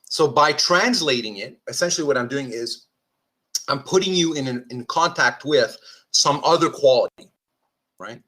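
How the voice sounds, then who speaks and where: A man's voice: mid-range voice, expressive, moderate pace, bright, forceful tone, husky. A man lecturing on philosophy at a diagram. He thinks aloud, often checks that listeners follow, and corrects himself as he goes. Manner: self-correcting restarts, informal asides.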